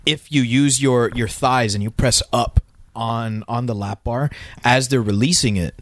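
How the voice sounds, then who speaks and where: A man co-hosting a relaxed chat. He tells his anecdote haltingly, with restarts and fillers. His voice sits at an ordinary middle pitch. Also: no room sound. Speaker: podcast co-host. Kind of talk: casual chat.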